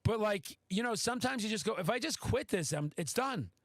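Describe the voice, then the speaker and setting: High-voiced podcast host guy, excitable, cursing a lot, dry close sound. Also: brisk, no echo. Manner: excitable, profane storytelling. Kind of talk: casual podcast chat.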